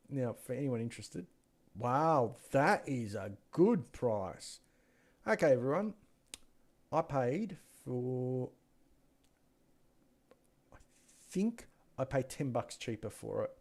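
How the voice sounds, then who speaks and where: This PC deals show co-host has a mid-range, slightly mellow voice that's animated yet measured in pace, broken by long pauses. Speaking into a gaming headset mic, he chats loosely through anecdotes, drifts off mid-sentence, and mutters while browsing, all in a casual, rambling way.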